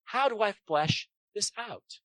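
A man's voice: high voice, animated, slow, fairly bright tone, dry recording. A man preaching a sermon emphatically, often posing rhetorical questions to his listeners.

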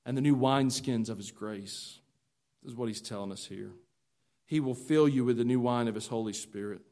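A man pastor preaching a sermon in a church, folksy and animated, swinging from loud urging to soft confiding. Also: medium pitch. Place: church sanctuary.

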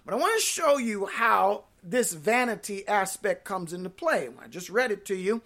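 A woman's voice: medium pitch, lively intonation, moderate pace, fairly bright tone. A woman pastor preaching an online sermon in an emphatic, folksy way, repeating her key points.

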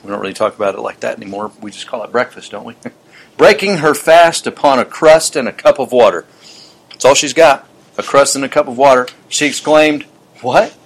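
A man preaching a sermon, reading quotations aloud and adding chuckling asides. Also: medium pitch. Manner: reads quotes aloud with warm asides and chuckles.

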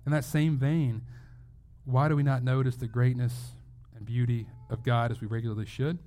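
A man's voice: mid-range voice, steady tone, normal speed, mellow. A male pastor giving a sermon in a conversational way, asking rhetorical questions and restarting phrases as he goes.

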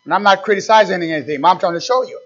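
A man preaching a sermon as pastor, swinging from shouted exhortation to hushed pleading. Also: high-pitched, quick pace. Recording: dull lo-fi recording.

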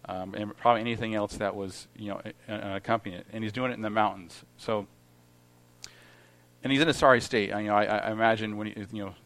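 A middle-aged lay preacher leads an informal Bible study, reading verses aloud and then commenting on them conversationally, with many restarts and fillers. His lowish, slightly bright voice moves fast with fairly even intonation.

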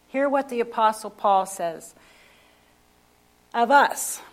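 A woman preaching a sermon, slow and emphatic, repeating key phrases and asking the congregation questions. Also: on the high side, lively intonation.

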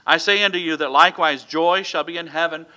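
A man's voice: on the high side, fairly even intonation, fairly quick, pushed and bright, low-quality recording. A man preaching a sermon who reads scripture in old King James wording and asks the congregation "Amen?" between points.

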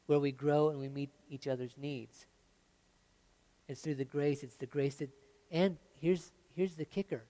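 A man preaching a conversational sermon, often checking in with "right?" and "okay?", moving between lively emphasis and quiet, earnest stretches. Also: a little high, a little slow. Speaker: pastor.

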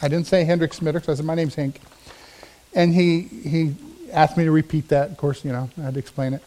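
A man's voice: a little high, steady tone, quick pace, mellow. A man, a pastor, preaching a sermon, telling a personal story in an earnest, storytelling way with emphatic swells.

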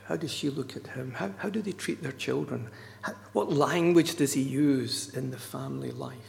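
Gravelly-voiced man preaching in a reverberant hall. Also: mid-range voice, normal speed, a little mellow. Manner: earnest, emphatic, repeats key words. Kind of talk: sermon. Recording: long church-hall reverb.

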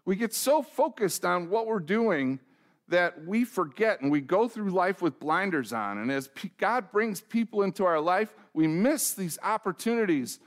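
A man's voice: sits high, animated, a little slow. A middle-aged man preaching as a pastor, telling a self-deprecating story and asking the congregation direct questions. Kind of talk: sermon with a humorous personal story.

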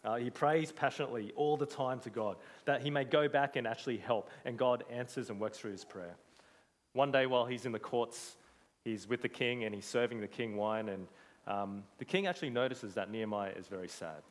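Male preacher, mid-pitched, emphatic and earnest, echoing church hall. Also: a little fast. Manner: earnest, emphatic, rhetorical questions. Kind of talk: sermon.

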